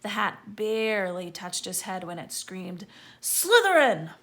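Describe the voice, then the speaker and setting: A woman's voice: fairly low pitch, a little slow. A woman reading a children's story aloud, calling out names with gusto. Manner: lively, calling out names loudly. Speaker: audiobook reader.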